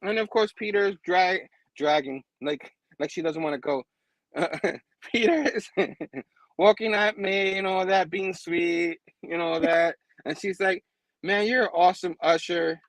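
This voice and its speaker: A man casually recapping a comic book, laughing often and acting out the characters in quick voices. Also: sits high, fairly bright tone, dry recording, low-quality recording.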